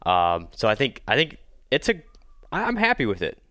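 Stuffy-nosed man with a bright voice. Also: medium pitch, wildly swooping pitch, no room sound, clean studio sound. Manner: halting, repeats words when starting a thought. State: congested from a cold. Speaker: podcast co-host. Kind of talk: casual sports chat.

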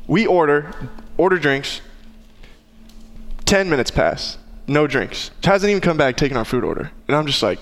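Dude telling a story, getting fed up, kinda high voice, lots of reverb. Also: male voice, lively intonation, moderate pace, a bit bright. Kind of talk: casual chat.

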